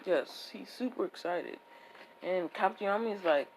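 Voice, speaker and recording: A woman's voice: medium pitch, moderate pace, noisy background. A woman improvising a fan story in a rambling way, with frequent restarts and repeated "would be like" tags.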